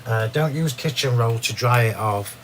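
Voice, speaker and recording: A man hosting a live crafting demonstration from his craft room, chatty and quick to laugh at himself as he explains. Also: medium pitch, fairly bright tone, slight background noise. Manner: chatty, self-laughing, restarts sentences. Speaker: craft demo host.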